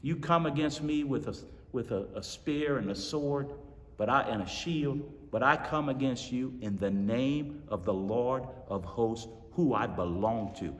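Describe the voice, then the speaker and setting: A man voicing a fearless young shepherd who speaks with calm, firm defiance. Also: medium pitch, a little slow, close to an everyday voice. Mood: defiant. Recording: echoey hall from far off.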